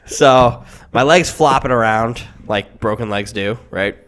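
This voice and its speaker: Animated, swearing podcast host telling a story. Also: male voice, medium pitch, a little slow, a little hiss or hum. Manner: animated storyteller who acts out quoted voices, swears freely. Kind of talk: casual sports podcast banter and storytelling.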